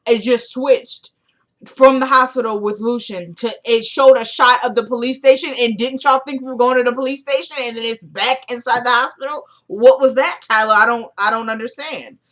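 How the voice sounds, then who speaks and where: A woman's voice: fairly high pitch, fairly even intonation, moderate pace, fairly bright tone. Chatty young woman recapping a show. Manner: chatty, retells scenes by quoting characters. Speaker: TV episode recap vlogger. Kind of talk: casual recap chat.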